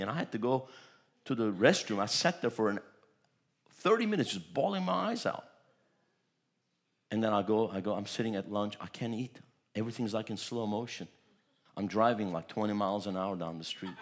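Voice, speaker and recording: A pastor from Turkey preaching a sermon, telling stories animatedly and often repeating words. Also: male voice, lowish voice. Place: church.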